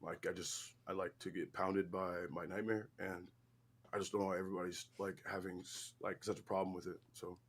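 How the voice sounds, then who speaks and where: A man's voice: sits low, flat delivery, fairly quick, a little hiss or hum, pitched below the performer's own voice, close to an everyday voice. A man doing an impression of a listless young male streamer who mumbles through filler words.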